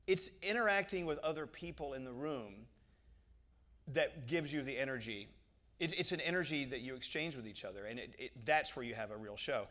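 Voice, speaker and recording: A radio host, telling stories in an animated, jokey way on stage before a live audience. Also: male voice, mid-range voice, a little fast. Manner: animated storyteller, jokey and profane. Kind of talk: stage interview.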